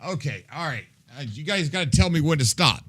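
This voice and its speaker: Lively, playful male streamer. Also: on the high side, a little fast, breathy edge. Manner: laughs often, playful, does silly sound effects with his mouth; mock-exasperated as he reacts to chat. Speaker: livestream host. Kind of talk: casual live-stream chat with viewers.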